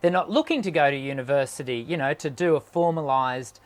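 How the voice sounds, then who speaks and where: Male host asking measured questions. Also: on the high side. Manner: measured, restarts phrases as he frames questions. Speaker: host and vocal coach. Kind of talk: interview questions.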